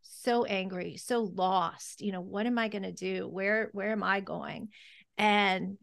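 A woman podcast host telling a heartfelt personal story in a halting, emotional way, close to tears. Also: medium pitch, creaky, a bit bright, no echo. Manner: halting, emotional, many restarts and fillers.

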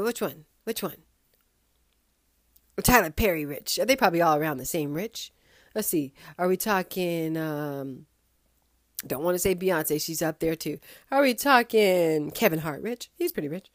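A woman hosting a podcast, talking in a sassy, animated monologue full of wandering asides. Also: lowish voice, a little slow, long pauses, no echo, clean studio sound. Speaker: podcast host.

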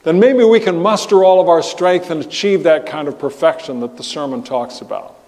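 A slightly high-voiced man preaching a sermon as a pastor. He speaks earnestly, stumbling and restarting his phrases as he goes. His voice rings out with a long reverb, as in a church hall. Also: moderate pace, a little mellow.

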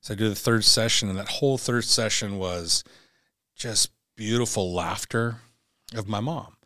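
A middle-aged man with a lowish voice tells a personal story as a podcast guest. He is blunt and profane and acts out the lines he quotes. His voice sounds dry and close, with no room echo. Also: moderate pace, bright, forceful tone. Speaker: podcast guest, former Navy SEAL.

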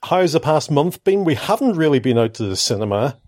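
A man's voice: fairly high pitch, very animated, a little fast, a little mellow. A middle-aged man hosting a casual family podcast, chatting and teasing his daughters in a playful, chatty way. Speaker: podcast host and father.

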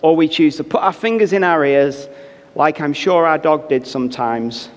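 A man's voice: fairly high pitch, normal speed. A man preaching a sermon as pastor, earnestly urging the congregation. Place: church. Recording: reverberant church with music behind.

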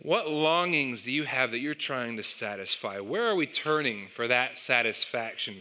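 A man preaching a sermon with a very bright, sharp voice. He tells stories and puts rhetorical questions to his listeners. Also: medium pitch, expressive, measured pace. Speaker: pastor.

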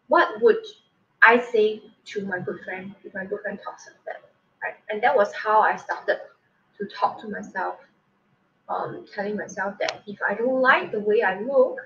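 A woman's voice: medium pitch, fairly bright tone, distant mic, dull audio, slight background noise. Chatty woman with a lilt. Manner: candid, chatty, drops in "lah". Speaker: podcast co-host. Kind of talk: casual podcast chat.

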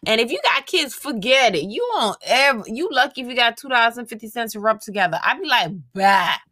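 A woman's voice: a little high, lively intonation, fast talker, sharp tone, no echo. Frank, profane woman talking to listeners. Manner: frank, profane, laughs often, talks straight to listeners. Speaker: podcast host. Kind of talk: casual motivational monologue.

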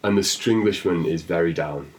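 Halting, self-deprecating joke teller. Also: male voice, low voice, low-quality recording. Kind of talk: casual improvised storytelling.

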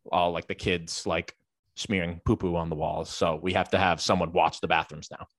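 A man's voice: low voice, a bit bright, no room sound, studio quality. A man who works as a teacher, telling a casual story with lots of fillers and the odd swear word. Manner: rambling, filler-heavy, profane.

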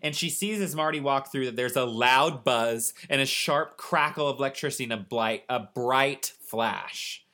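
A man's voice: mid-range voice, moderate pace, hardly any pauses. A man co-hosting a comedic podcast, retelling a children's horror book and acting out the characters' lines. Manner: animated, acting out characters in quotes. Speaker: podcast co-host.

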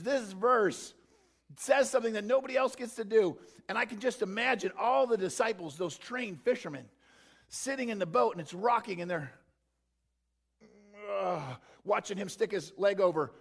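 Lively male pastor, high gravelly voice, animated sermon delivery. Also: brisk. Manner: animated, acts out the disciples in playful voices.

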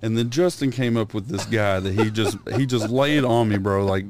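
Laid-back, profane man, lowish voice. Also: normal speed, darkish tone, slight background noise. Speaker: podcast co-host. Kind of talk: casual chat doing impressions.

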